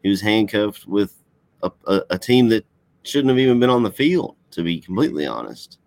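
Low-voiced man, blunt casual sports talk. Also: very animated, brisk, vocal fry, darkish tone, no room sound. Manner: blunt, casual, swears freely. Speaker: podcast co-host. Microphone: computer call.

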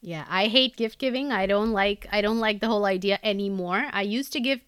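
A woman's voice: medium pitch, a little fast, a bit bright, clean tone, no echo, clean studio sound. A woman from India with an Indian English accent, hosting a podcast and telling a true crime story in a conversational way, with asides. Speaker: podcast host.

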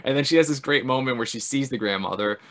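Brief: man, mid-pitched, loose conversational recap, laughs a lot, breaks into goofy impressions. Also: quick pace, a bit bright. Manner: chatty, laughs often, mimics characters in big voices. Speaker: podcast co-host. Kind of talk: casual film recap chat.

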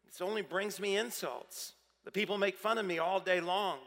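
A weary prophet ready to give up, as a man acts him out in a sermon, lamenting in a plain, conversational tone. The voice is high for a man and bright. A long hall reverb trails behind. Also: moderate pace. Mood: despairing. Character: weary, discouraged male prophet on the verge of quitting.

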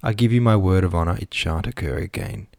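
A quick-tempered landowner, earnest and full of remorse, as a man reading the novel voices him. His voice is low and dry in a close, plain recording. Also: expressive, gravelly, no echo. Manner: heated then contrite.

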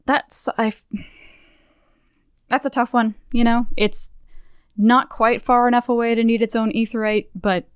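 A woman's voice: fairly high pitch, fairly even intonation, measured pace, long pauses, smooth, dry recording, clean studio sound. A woman co-hosting a podcast in casual chat, talking loosely with frequent laughs, swears and restarted sentences. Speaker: podcast co-host.

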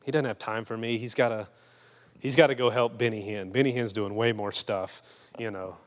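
Young man preaching in a reverberant hall. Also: medium pitch. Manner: conversational preaching, animated storytelling with hushed earnest moments. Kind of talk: sermon.

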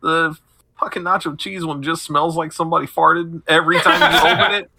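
A man in a casual podcast chat, laughing his way through animated stories. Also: a little high, a little fast, vocal fry, a little hiss or hum.

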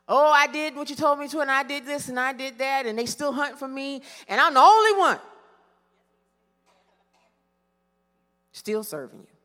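A woman preaching acts out a weary male prophet pouring out a self-pitying complaint, pitched high and strained. His lament rings through a long, echoing hall. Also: a little fast, sharp tone. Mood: complaining.

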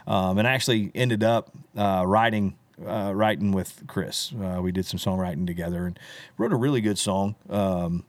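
Lively storytelling man, low voice. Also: moderate pace, no room sound. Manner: animated, rambling, peppers talk with "dude" and "right?". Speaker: country singer telling stories. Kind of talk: casual podcast storytelling.

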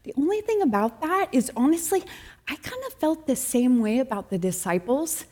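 A middle-aged woman preaching a sermon at church, animated, acting out quoted complaints with sudden high bursts. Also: moderate pace. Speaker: church speaker.

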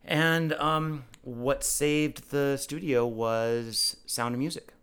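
A man's voice: mid-range voice, steady tone, slow pace, a bit bright, smooth. An American man co-hosting a podcast, chatting casually and enthusiastically, often restarting his sentences. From United States. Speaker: podcast co-host. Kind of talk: casual chat.

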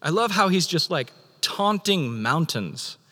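A man gives a sermon in a church auditorium. His voice sits a bit high for a man. A long reverb from the big hall trails behind his words. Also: unhurried. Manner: animated, acts out God's voice in quotes. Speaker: pastor.

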